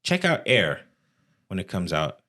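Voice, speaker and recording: A man co-hosting a podcast in casual chat, talking slowly and trailing off into low asides. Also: wildly swooping pitch, bright, forceful tone. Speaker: podcast co-host.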